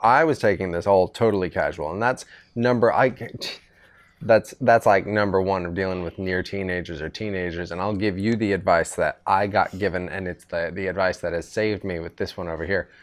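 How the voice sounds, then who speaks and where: A middle-aged man with a low voice and a brisk pace hosts a podcast on an outdoor veranda. He chats casually with his son, rambling through stories in an easygoing way and often restarting.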